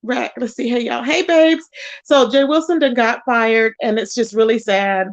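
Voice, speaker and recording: A woman with a bright, high-pitched voice runs a chatty livestream. She keeps greeting viewers by name and calling them baby, and she repeats lines with open disbelief to drive a point home. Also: normal speed, highs cut off. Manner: exclaims in disbelief, repeats phrases for emphasis. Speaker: livestream host. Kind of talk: casual livestream commentary, reading chat.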